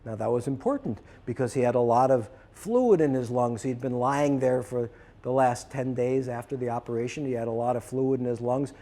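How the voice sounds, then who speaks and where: A man telling a personal story to trainees, lively and acting out both sides of the conversations he recounts. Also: medium pitch, normal speed. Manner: animated, acts out both sides of a dialogue. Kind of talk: storytelling talk.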